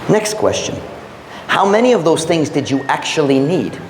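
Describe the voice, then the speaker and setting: A man preaches a sermon in a slightly high voice, pressing his listeners with pointed questions. His voice rings out through a roomy church hall with a long reverb tail. A faint hiss of noise sits underneath. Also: lively intonation, fairly quick. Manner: emphatic, quizzing the congregation with questions. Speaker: pastor.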